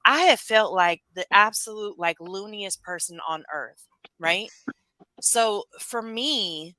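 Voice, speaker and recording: Emphatic ranting woman, bright tone. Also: mid-range voice, slow pace, no room sound. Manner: emphatic, rhetorical, repeats herself. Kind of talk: ranting livestream monologue.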